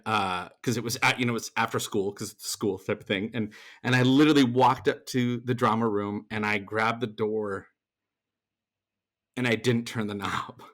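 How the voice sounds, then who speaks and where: A middle-aged man, a theater performer and voice actor, telling his story as a podcast guest in lively casual talk with many restarts. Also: mid-range voice. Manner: animated, acts out quoted voices, frequent restarts.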